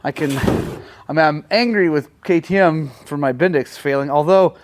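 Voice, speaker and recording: A man talking casually to the camera in his garage workshop, excitable and quick to swing between frustration and joy while working on a bike. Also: a little high, background noise. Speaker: motorcycle vlogger.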